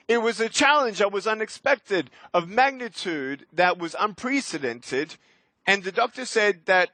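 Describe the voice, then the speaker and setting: A man in his thirties giving a keynote as a motivational speaker, energetic and emphatic, with sudden loud bursts. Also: sits high, normal speed, dry recording. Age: 30s. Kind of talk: keynote speech.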